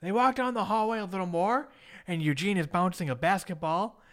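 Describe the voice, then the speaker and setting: A man's voice: high voice, a little fast. A man hosting a casual chat, recapping a show in a jokey way and slipping into mock voices to quote people. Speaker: podcast host.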